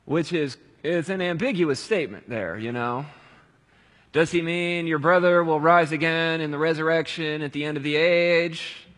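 A man preaching a sermon, swinging between loud pleading cries and quiet, reflective reading. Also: fairly high pitch, normal speed, long reverb tail. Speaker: pastor.

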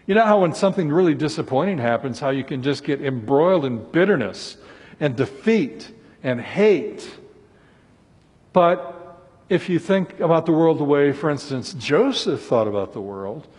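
Male preacher, earnest sermon delivery, husky tone, long hall reverb. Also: a little high, lively intonation, normal speed, darkish tone. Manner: earnest, voices scripture laments with rising intensity.

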